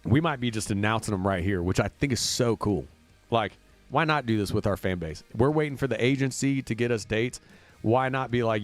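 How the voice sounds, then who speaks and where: A man's voice: fairly low pitch, fairly quick. Chatty man from Indiana livestreaming. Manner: chatty, upbeat, rambling with many fillers. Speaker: band member booking a tour. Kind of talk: casual livestream chat. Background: faint demo music looping.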